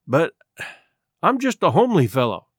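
A brave, homely male moth from a storybook who talks earnestly and modestly, as a man narrating plays him. The voice stays lively and sits dry and close to the mic. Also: a little high, moderate pace, slightly rough, no echo. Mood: humble. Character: plain, brave male moth with a crooked feeler.

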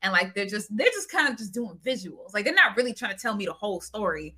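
Woman co-host, playful and expressive, bright voice. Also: medium pitch, fast talker, breathy edge. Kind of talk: casual chat.

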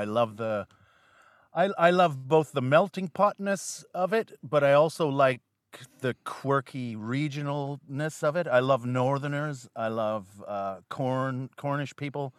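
A man's voice: mid-range voice, a little slow, smooth, dry recording. Man, comedian guest, rambling, sweary, self-deprecating, dry close sound. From Canada. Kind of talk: casual podcast chat.

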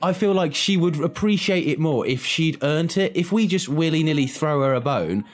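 A man's voice: on the high side, animated, moderate pace, soft background music. A man playing a tabletop game, eager and joking. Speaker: player. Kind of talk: casual tabletop play.

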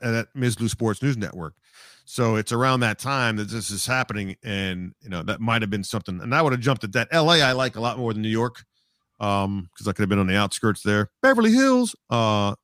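A man's voice: mid-range voice, fairly bright tone, dry recording, clean studio sound. A middle-aged man, a sportscaster, telling stories in a casual interview, rambling and reflective with many restarts. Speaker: sportscaster guest.

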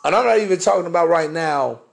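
A man's voice: on the high side, animated, quick pace, gravelly. A man hosting a podcast, talking in a blunt, profane, preachy monologue full of slang. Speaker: podcast host. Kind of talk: casual monologue.

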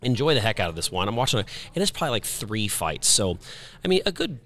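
Lower-voiced man telling a story. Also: quick pace. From Kansas City, US. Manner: animated, acts out his own reactions. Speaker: radio host. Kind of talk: casual storytelling chat.

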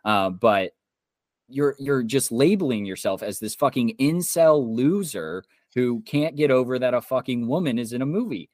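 A man's voice: mid-range voice, lively intonation, moderate pace, a little mellow, no room sound, studio quality. A young man from Indiana co-hosting a podcast, ranting angrily and swearing. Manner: heated, swearing rant. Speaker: podcast co-host. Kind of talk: casual podcast chat.

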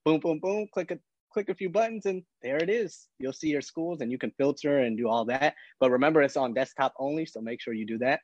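A man's voice: a little high, a little fast, dry recording. A man co-hosting a podcast, talking earnestly and encouragingly to listeners. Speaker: podcast co-host, physical therapist. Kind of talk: casual podcast talk. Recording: dry, muffled lo-fi sound.

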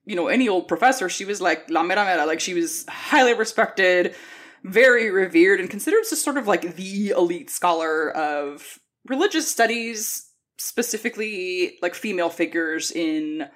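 A woman from Mexico co-hosting a casual book podcast, chatty and quick to laugh. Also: on the low side, animated, fairly bright tone. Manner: chatty, laughs often, many fillers. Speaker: podcast co-host.

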